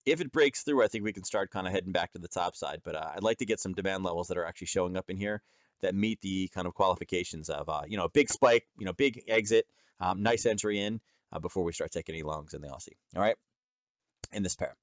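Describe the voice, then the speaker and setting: Casual low-voiced man walking through charts. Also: quick pace, no echo. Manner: rambling, conversational, many fillers and self-corrections. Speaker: trading educator hosting a chart review. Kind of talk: casual screen-share lesson.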